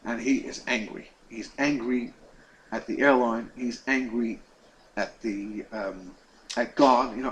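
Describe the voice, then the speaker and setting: A man teaching a class as a rabbi, telling a story with lively delivery, repeating words and acting out the quoted lines. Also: mid-range voice, measured pace, slight background noise, low-quality recording. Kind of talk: storytelling lesson.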